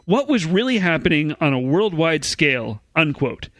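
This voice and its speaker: Man, comedy podcast co-host, high voice, dry studio sound, hesitant and self-conscious. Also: big pitch swings, moderate pace, a bit bright, dry recording, low-quality recording. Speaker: podcast co-host reading news. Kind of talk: comedic news banter.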